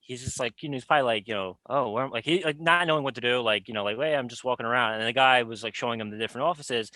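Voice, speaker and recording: A young man co-hosting a podcast, telling quick, chatty anecdotes in a casual way. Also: medium pitch, sharp tone, no room sound. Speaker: podcast co-host. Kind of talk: casual chat.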